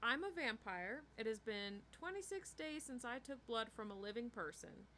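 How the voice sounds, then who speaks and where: A woman's voice: on the high side, animated, normal speed, sharp tone, a little hiss or hum. A woman reader voicing a weary elderly vampire woman with aching knees, talking in a tired, dry way. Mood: formal.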